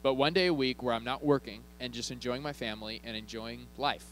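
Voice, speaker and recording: A male pastor preaching in a church, talking to the congregation in a loose, conversational way and slipping in jokes. He keeps checking in with them as he goes, and his voice sits in an ordinary middle pitch. A faint hum runs underneath. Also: brisk, rough recording. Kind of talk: sermon.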